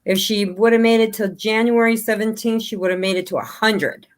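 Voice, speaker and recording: A woman guest in a casual live chat who tells stories in a friendly, animated way. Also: fairly high pitch, a little fast. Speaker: guest crochet creator.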